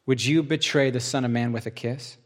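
A man voicing Jesus as a calm grown man, earnest and measured, in a Bible reading. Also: medium pitch, close to an everyday voice. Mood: solemn.

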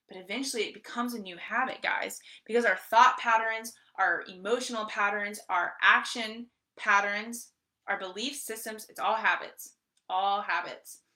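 Bright-voiced woman coaching live. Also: mid-range voice. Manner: energetic, repetitive, often asks "right?" and says "guys". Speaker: mindset coach. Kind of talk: live motivational training talk.

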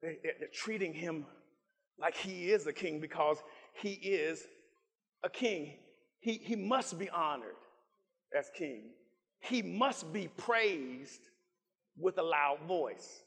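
A man preaching a fervent sermon, shouting and repeating phrases, calling out to the congregation. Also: on the high side, expressive, slow, long pauses, breathy edge, big-room sound. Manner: fervent preaching with shouts, repetition and call-outs.

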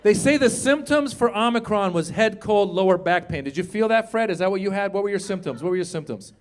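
A man's voice: sits high, brisk. A man in his fifties doing a stand-up comedy set on a comedy club stage, talking to the crowd and acting out characters. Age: 50s. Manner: animated, crowd work, acts out characters.

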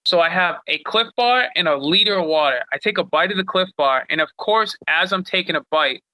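A young man telling a long story as a guest in casual chat, animated, full of "like" fillers and swearing. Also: high-pitched, brisk, no room sound, poor audio. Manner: animated, frequent "like" fillers, profane. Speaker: guest, fighter.

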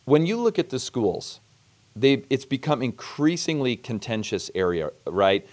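A man hosting an interview, measured and reflective, steering the talk with questions. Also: mid-range voice, sing-song, a little mellow. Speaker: podcast host. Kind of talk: conversational interview.

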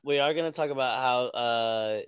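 A man's voice: mid-range voice, clear, resonant tone, no echo. A man co-hosting a casual podcast chat, swearing and stumbling over his words. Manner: profane, halting, restarts often. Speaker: podcast co-host. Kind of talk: casual chat about fights.

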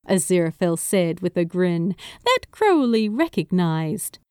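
A woman narrating a story aloud, in an expressive, unhurried reading. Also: lowish voice, smooth, no room sound, clean studio sound. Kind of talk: audiobook narration of fan fiction.

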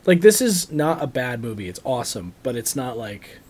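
A man's voice: medium pitch, very animated, moderate pace, a little mellow. A young man co-hosting a casual movie podcast, rambling and trailing off as he talks. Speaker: podcast co-host.

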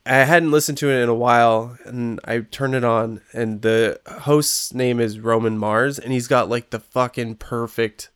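Male podcast host, curious, easy laugh; smooth voice, dry room. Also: medium pitch, fairly even intonation, a little slow, few pauses, fairly bright tone, no room sound. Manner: laughs often, curious questions. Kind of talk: casual chat.

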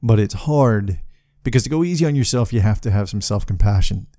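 A man hosting a solo podcast, talking in a halting, profane way with many restarts and sounding frustrated. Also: lowish voice, expressive, dark tone, no room sound, clean studio sound. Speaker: podcast host. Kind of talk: casual solo podcast monologue.

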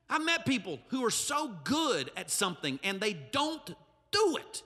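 A man's voice: high-pitched, big pitch swings, brisk, bright, forceful tone, long reverb tail. A male pastor, preaching a humorous, emphatic sermon with asides to the congregation. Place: church sanctuary.

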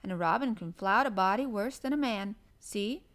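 A woman's voice: mid-range voice, expressive, normal speed, fairly bright tone, lightly acted. A woman voicing a friendly young country boy from the moors, speaking broad in an easy, cheerful way. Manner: broad dialect, cheerful and easygoing.

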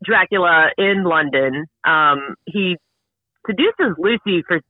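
Man, high voice, casual podcast chat, rambling, dry lo-fi sound. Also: slow pace, dry recording. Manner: rambling, animated, with frequent fillers and laughs. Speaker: podcast co-host. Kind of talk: casual chat reviewing a film.

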